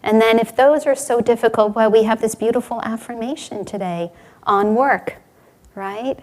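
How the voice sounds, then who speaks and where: A woman giving a spiritual talk, telling parables in a gently rhetorical manner. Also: a little high, moderate pace. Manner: warm storytelling, gently rhetorical. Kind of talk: sermon.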